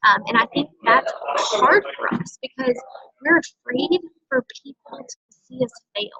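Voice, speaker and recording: A woman's voice: sits high, very animated, unhurried, pushed and bright, breathy edge, dry recording, muffled recording. A woman leading a sales team, giving an emphatic motivational talk and often checking in with "okay?". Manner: emphatic, coaching, often tags lines with "okay?". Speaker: senior direct-sales team leader.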